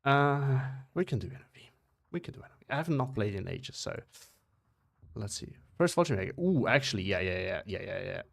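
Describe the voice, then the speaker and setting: Swiss guy streaming games, kinda low gravelly voice, mixed brit-american accent, rambles and corrects himself a lot. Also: big pitch swings, fairly quick. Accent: Swiss, mixed British-American English. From Switzerland. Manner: rambling, self-correcting, chatting to viewers. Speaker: game streamer. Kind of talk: casual live-stream chat.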